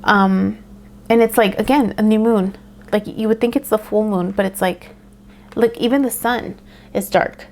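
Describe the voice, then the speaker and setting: A woman giving a casual tarot reading, talking in a meandering way with frequent ums and soft laughs. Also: mid-range voice, fairly even intonation, moderate pace. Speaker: tarot reader.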